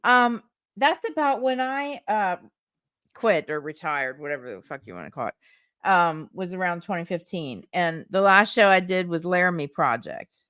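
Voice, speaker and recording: A woman's voice: lowish voice, animated, normal speed, a bit bright, clean tone, no echo, clean studio sound. A woman chatting casually as a guest, rambling with many fillers. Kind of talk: casual chat.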